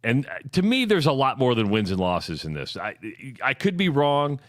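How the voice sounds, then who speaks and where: Steady male sports radio host, dry studio. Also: medium pitch, dry recording. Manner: measured, runs through facts and figures, some stammering restarts. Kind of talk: sports talk radio discussion.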